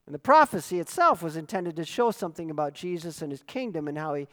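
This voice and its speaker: Male pastor, sermon delivery, earnest teacher who swells into emphatic calls, voice a bit high, long church reverb. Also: animated, quick pace, a bit bright.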